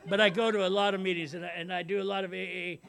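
A man's voice: sits high, little pitch movement, fast talker, creaky, a bit bright, clean tone. A middle-aged man speaking at a recovery meeting, talking in a rambling, casual way and often tagging on "man" and "you know what I mean.". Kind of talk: personal recovery talk to a meeting. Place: meeting room before a live audience.

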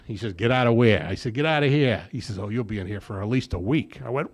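A man's voice: medium pitch, expressive, rapid-fire, few pauses. An older man telling a long personal story at a recovery meeting, acting out the dialogue and repeating phrases for effect. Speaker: AA speaker. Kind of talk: speaker share at a recovery meeting.

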